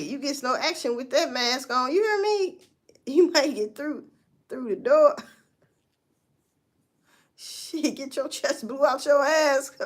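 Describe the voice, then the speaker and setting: A woman hosting a casual livestream, giving blunt, profane commentary and talking straight to her viewers. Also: sits high. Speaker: livestream host.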